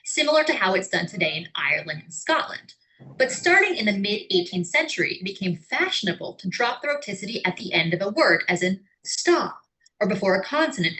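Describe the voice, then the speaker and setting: A woman with an American accent giving clear, scripted educational narration. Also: medium pitch, bright, forceful tone, poor audio. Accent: General American. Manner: clear, explanatory, with sung or acted example words.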